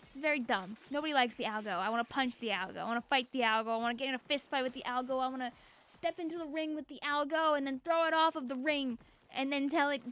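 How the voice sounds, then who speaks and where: A chatty young woman talks while streaming a game, her voice high and bright. She rambles in a bubbly, casual way and laughs often. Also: quick pace. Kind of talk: casual gameplay chat.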